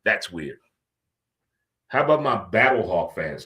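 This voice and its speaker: A man hosting a casual talk radio show, joking and animated, swinging between loud outbursts and low muttering. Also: moderate pace. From St. Louis.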